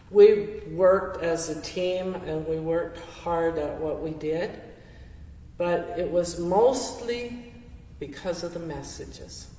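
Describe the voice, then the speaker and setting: An older woman speaks slowly and gently, sharing teachings with quiet warmth and soft laughter. Her voice carries from a distance across a roomy hall with a long echo. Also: fairly low pitch. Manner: gentle, warm-hearted, slow and reflective with soft laughs. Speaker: speaker sharing teachings through her late husband's art. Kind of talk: heartfelt talk with audience questions. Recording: roomy hall, voice from far off the mic.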